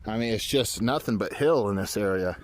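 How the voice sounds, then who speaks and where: A man's voice: lowish voice, fairly quick, a little hiss or hum. A man vlogging outdoors on his phone while climbing a steep hill, out of breath, rambling and poking fun at himself. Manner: rambling, self-deprecating, trailing restarts. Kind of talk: casual outdoor vlog narration. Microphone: handheld phone.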